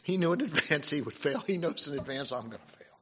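A man preaching a sermon, swinging between loud, emphatic passages and soft, hushed ones, with halting restarts and fillers. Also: on the high side, lively intonation, slight background noise. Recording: dull lo-fi recording.

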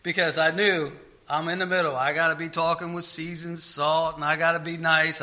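A man giving an informal sermon in a folksy, rambling, self-deprecating way, slowing down when he reads scripture. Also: fairly high pitch, flat delivery, bright, forceful tone. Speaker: lay preacher. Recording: dull lo-fi recording.

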